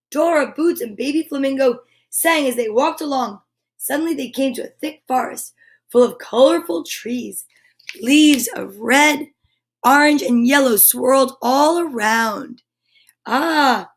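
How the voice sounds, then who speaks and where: A woman reading a children's picture book aloud, animated and chatty, breaking off for little asides to her listeners. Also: high-pitched, a little slow.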